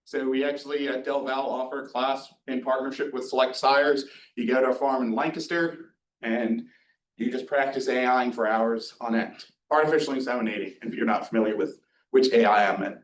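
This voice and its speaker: A man's voice: medium pitch, steady tone, a little fast, slight background noise. Young man talking casually in an echoey room. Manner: informal, chatty, lots of ums and asides. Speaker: student presenter at a career night. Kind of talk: casual slideshow presentation. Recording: echoey room, distant mic.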